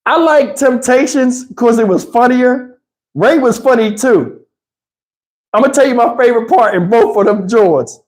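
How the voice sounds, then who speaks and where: A man's voice: very high voice, moderate pace, darkish tone. A middle-aged man with a Southern US drawl holds a casual live chat. He rambles loosely, laughs a lot and jumps into lines from old movies. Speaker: livestream host.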